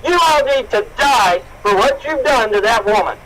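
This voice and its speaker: A man shouting and cursing in a furious confrontation. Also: extremely high pitch, animated, normal speed, background noise. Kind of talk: angry livestream confrontation.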